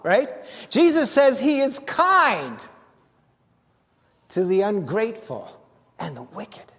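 An older man, a pastor, preaching a sermon with lively asides and questions to the congregation. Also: sits high, slow. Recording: long hall reverb.

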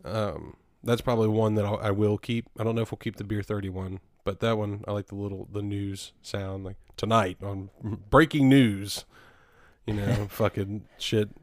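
A man's voice: lowish voice, level tone, normal speed, hardly any pauses, a little mellow, no room sound, clean studio sound. A man co-hosting a casual podcast, rambling with frequent laughs and casual swearing. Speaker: podcast co-host.

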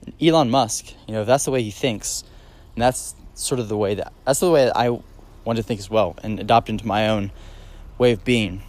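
A man's voice: fairly low pitch, fairly quick, a little mellow. Male podcast host, solo monologue; casual, filler-heavy, eager emphasis on key points. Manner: casual, rambling, many fillers and restarts.

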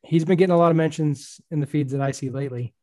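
A man hosting a casual baseball podcast, chatting in a relaxed way with lots of fillers. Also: a little high, fast. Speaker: podcast host.

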